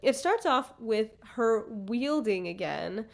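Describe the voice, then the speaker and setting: A woman's voice: fairly high pitch, animated, slow, gravelly. A woman co-hosting a podcast, casually recapping a book in a chatty way. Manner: chatty recapper, quotes characters in passing. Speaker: podcast co-host.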